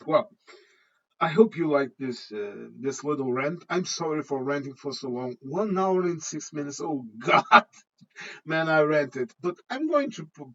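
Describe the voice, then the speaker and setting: A man's voice: mid-range voice, fairly bright tone. Guy ranting on his channel, keeps restarting and chuckling, kinda muffled lo-fi sound. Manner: rambling, with frequent restarts and chuckles. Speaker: channel host. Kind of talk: casual opinion rant to camera.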